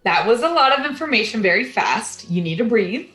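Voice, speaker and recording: A woman with a fairly high voice talks calmly and reassuringly during a tabletop game. Her voice sounds roomy, with faint music behind. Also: fairly quick. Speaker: player. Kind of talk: casual tabletop role-play.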